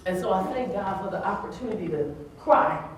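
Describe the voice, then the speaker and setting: A woman's voice: medium pitch, lively intonation, fairly quick, slight background noise. A woman giving an earnest, emotional speech at a summit, with laughing asides, recorded in a large conference room. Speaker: keynote speaker. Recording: echoey hall, mic from far off.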